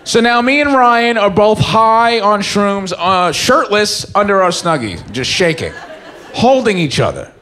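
Animated young comedian, lively pitch swings. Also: male voice, a little slow, some chatter behind. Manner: animated, swearing, jumps between loud and mumbled. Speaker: stand-up comedian. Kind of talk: stand-up comedy storytelling. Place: comedy stage before a live audience. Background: faint audience laughter.

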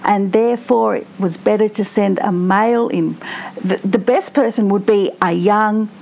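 A woman giving casual, reflective commentary on a case, talking slowly with frequent restarts. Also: mid-range voice, vocal fry, darkish tone, rough recording. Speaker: true crime commentator.

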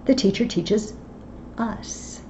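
A woman's voice: medium pitch, slow pace, mellow, a little hiss or hum. A woman teaching a Latin lesson online, explaining patiently step by step. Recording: slightly dull lo-fi audio with faint ambience.

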